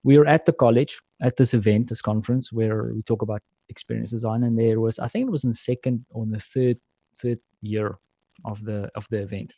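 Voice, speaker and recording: A friendly storyteller with a mellow, warm tone, a man from South Africa who is a guest on a podcast. He talks in easy, casual chat. The sound is close and dry. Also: lowish voice, steady tone, fairly quick, no room sound.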